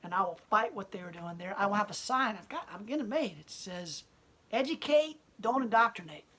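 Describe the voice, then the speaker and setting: A woman's voice: medium pitch, expressive, fast talker, sharp tone, slightly rough. A woman who owns a gallery speaks bluntly and defiantly in an impassioned interview monologue. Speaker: gallery owner and protester.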